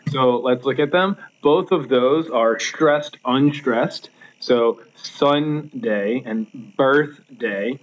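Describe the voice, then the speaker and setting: A man's voice: mid-range voice, slow pace, lo-fi sound. A man teaching from slides at home, explaining patiently with many fillers and restarts. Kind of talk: recorded slideshow lecture. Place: home, with a laptop.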